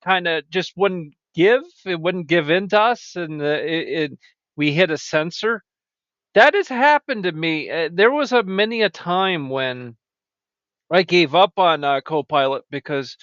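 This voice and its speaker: A man hosting a comedy show who rambles, stammers and jumps into high-pitched exclaims. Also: a bit bright, dry recording. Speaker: show host. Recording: dry, dull lo-fi mic.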